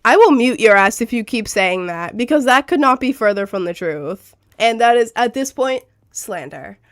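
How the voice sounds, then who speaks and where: A woman's voice: fairly high pitch, animated, moderate pace. Giggly young woman streamer with a cold. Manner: rambling, giggly, chatty, reads chat aloud. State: has a cold. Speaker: live streamer. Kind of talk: casual live-stream chat.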